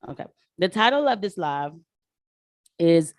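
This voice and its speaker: A political commentator on a livestream, a woman with a fairly low voice, talks at a moderate pace in clean studio-quality audio with no echo. She's chatty, slangy and animated, calling her viewers "y'all" as she drifts between asides and opinions.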